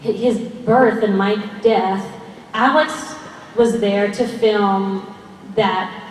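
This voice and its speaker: An actress at a fan convention panel, speaking earnestly and passionately with frequent laughs. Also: female voice, medium pitch, fairly even intonation, extremely slow, a little hiss or hum. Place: large convention hall. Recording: echoey hall, voice far off, faint crowd ambience.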